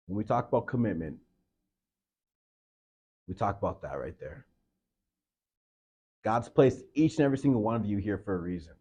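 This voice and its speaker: A man giving a motivational speech to a sports team, retelling a film scene and acting out the coach, rising to loud shouted coaching. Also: fairly low pitch, lively intonation, normal speed, pauses often, breathy edge, highs cut off. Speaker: motivational speaker.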